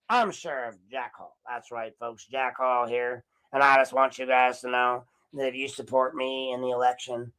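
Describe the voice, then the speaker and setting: A man's voice: medium pitch, pushed and bright, clean tone, lightly acted, poor audio. A man voicing a smug, corrupt male sheriff in a profane parody of a campaign speech.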